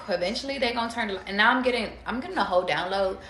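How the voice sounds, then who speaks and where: A woman's voice: mid-range voice, very fast, fairly bright tone, a little hiss or hum. A woman giving a casual tarot reading to viewers, chatty, slangy and freely profane as she talks to them directly. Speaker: tarot reader. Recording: roomy echo.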